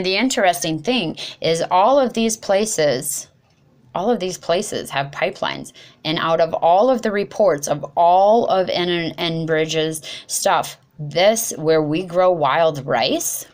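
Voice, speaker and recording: Woman, lowish voice, impassioned speech, gets loud and fired up, trips over words. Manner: passionate, rising and loud when upset, stumbles over place names and apologizes. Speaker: speaker at a protest talk.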